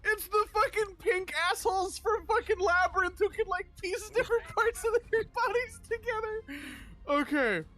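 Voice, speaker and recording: A player in a tabletop game, talking in a rambling, animated way and swearing freely. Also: very high-pitched, moderate pace, soft background music.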